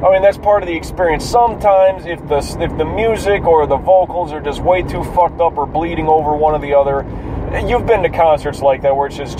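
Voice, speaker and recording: A man's voice: a little high, brisk. A drowsy man rambling and swearing casually while driving home at night. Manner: profane, rambling, self-amused. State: drowsy, yawning. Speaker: vlogger musing while driving. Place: in a car, driving. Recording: loud car road noise.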